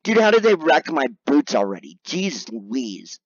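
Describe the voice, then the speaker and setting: A man giving casual let's-play commentary, grumbling and yelping high when cornered. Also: very animated, measured pace, no echo, highs cut off. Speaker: gaming video creator.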